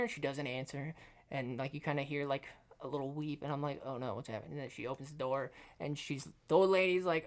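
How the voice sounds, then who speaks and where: A woman co-hosting a podcast in casual chat, retelling scenes with animated quoted voices. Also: very deep voice, fast talker. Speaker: podcast co-host.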